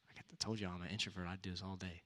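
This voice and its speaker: A man's voice: deep voice, flat delivery, very fast, sharp tone. A young man giving a casual youth sermon, conversational with punchy repeated exhortations. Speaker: youth speaker.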